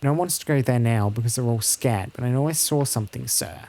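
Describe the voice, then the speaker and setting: An earnest little farm girl from a fantasy game, talking fast and insisting her scary story is true, as a man puts her on. Her pleading is anxious, and her voice sits a little above an everyday one. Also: mid-range voice, dark tone, lightly acted. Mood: earnest, scared.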